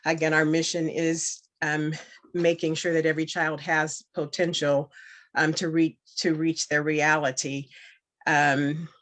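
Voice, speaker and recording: Unhurried and flat in delivery, a woman with a low but fairly bright voice runs for a board seat. She gives an earnest, emphatic campaign speech, then answers questions, faltering with fillers when unscripted.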